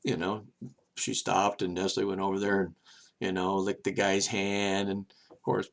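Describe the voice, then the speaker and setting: An older man talks to the camera in a low, gravelly voice, wandering from one story to the next. He restarts his sentences often and keeps a chatty, easygoing flow, and his voice jumps up when he acts out what other people said. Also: normal speed. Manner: chatty and meandering, many restarts; animated when quoting people. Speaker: vlog host. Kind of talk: rambling personal storytelling.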